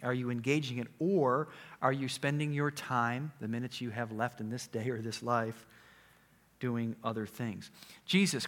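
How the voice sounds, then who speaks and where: A male preacher giving a sermon, retelling a story with dramatic swings from loud to hushed. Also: mid-range voice. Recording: echoey hall.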